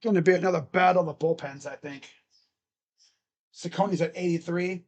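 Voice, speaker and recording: Young male streamer, casual live play-by-play, talks to his pet between pitches. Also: fairly even intonation, a little fast, darkish tone. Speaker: sports streamer.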